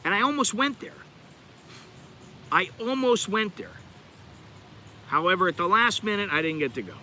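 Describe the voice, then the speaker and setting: A man's voice: high voice, expressive, normal speed, pushed and bright, slight background noise. A middle-aged American man hosting his channel, rambling in a chatty, digressive way and talking straight to his viewers. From United States. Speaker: channel host. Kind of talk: rambling livestream chat.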